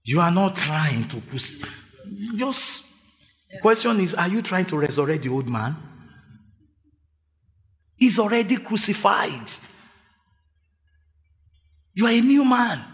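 A man's voice: high-pitched, big pitch swings, takes it slowly, long pauses. Man preaching in a reverberant hall. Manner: call-and-response preaching, urging the congregation to shout. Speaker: pastor. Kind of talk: sermon.

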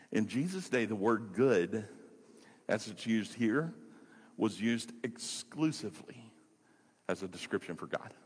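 Pastor, male, lively husky delivery, big reverberant sanctuary sound. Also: on the low side. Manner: conversational, animated preaching with fillers and rhetorical questions. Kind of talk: sermon.

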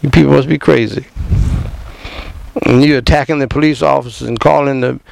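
A man's voice: mid-range voice, fairly even intonation, brisk, vocal fry, darkish tone, rough recording. A man giving impassioned commentary in an emphatic, preachy way, firing rhetorical questions at the listener and repeating words as he gets going. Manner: repeats words when fired up.

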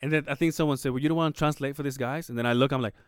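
Rapid-fire and medium in pitch, this man's voice is clear and resonant in a dry, studio-quality recording. He's a podcast co-host, a native Spanish speaker, animatedly narrating a work story in casual chat with swearing and acted-out quotes delivered in a rising voice.

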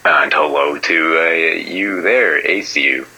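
Man, voicemail caller, very bright tone, husky, halting, stilted. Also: a bass voice, rough recording. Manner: hesitant, stilted, halting phrasing. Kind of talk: mock-formal question.

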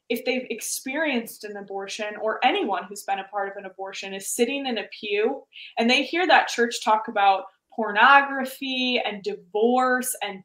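A woman hosting an interview, making her points in a clear, steady and persuasive way. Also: a little high. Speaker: interview host. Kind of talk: conversational interview. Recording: roomy echo.

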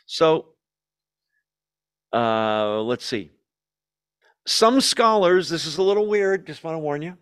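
A man's voice: slow, long pauses, clear, resonant tone. A man preaching as a pastor, teaching verse by verse through a Bible passage in a conversational way, often asking his listeners questions. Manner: conversational, asks the audience questions, lively shifts in pitch.

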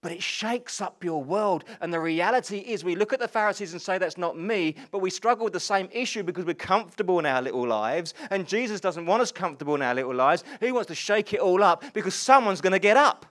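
A man's voice: sits high, quick pace, hardly any pauses. A man preaching a sermon and asking the congregation questions. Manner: animated, asks the congregation questions.

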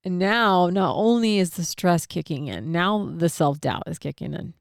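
Woman, middle-aged, casual storyteller. Smooth, lowish voice, dry close recording. Animated, acts out her thoughts, swears freely. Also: normal speed, dry recording.

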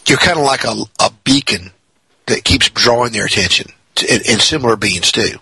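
A man's voice: mid-range voice, a little fast, bright, forceful tone, breathy edge, no echo, poor audio. A man co-hosting a radio show about the paranormal, musing thoughtfully about spirits.

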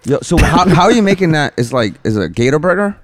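A man co-hosting a casual podcast, teasing his friends in animated banter. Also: on the high side, quick pace, no echo. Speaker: podcast co-host.

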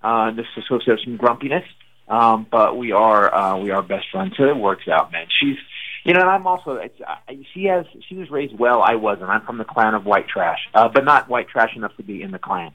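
A comedian being interviewed on the radio, telling stories in a lively way and acting out quotes with big jumps in pitch. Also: male voice, brisk, highs cut off. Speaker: comedian guest.

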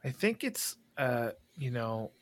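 A man's voice: medium pitch, big pitch swings, slow, no room sound. A man playing a tabletop game, talking in a goofy, rambling way. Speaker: player. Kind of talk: casual chat at a tabletop game.

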